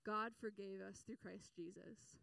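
A woman's voice: mid-range voice, fairly even intonation, unhurried, vocal fry, pushed and bright, no room sound, recorded from a distance. A woman giving a sermon, paraphrasing a parable in a casual storytelling way with many fillers.

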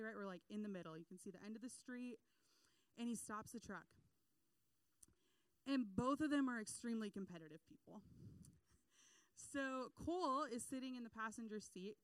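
A young adult woman giving a casual sermon, animated, acting out quotes and laughing between points. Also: on the high side, clear, resonant tone, dry recording, rough recording.

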